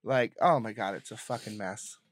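A man's voice: lowish voice, normal speed, slight background noise. A young adult man co-hosting a podcast, blunt and sarcastic in casual chat, swearing freely. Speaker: podcast co-host.

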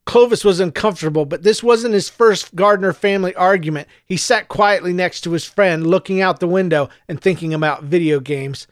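Higher-voiced man narrating an audiobook. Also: dry recording, studio quality. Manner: even, measured storytelling. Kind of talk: scripted narration.

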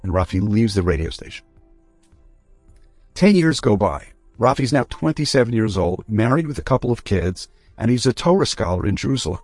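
A man, a rabbi, telling a story in a lively way and acting out the characters' voices. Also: on the low side, fairly quick, no room sound, soft background music. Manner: animated, acts out quoted voices.

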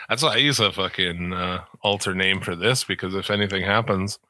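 A man's voice: low-pitched, moderate pace, pushed and bright, no echo, poor audio. A young man with an Upper Midwest American accent, hosting a podcast in loose, profane chat, laughing often. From Upper Midwest United States. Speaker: podcast host. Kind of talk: casual chat.

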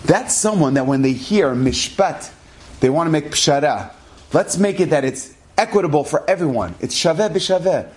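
Lively man telling a story. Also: on the high side. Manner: animated, quick, lively. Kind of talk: oral storytelling.

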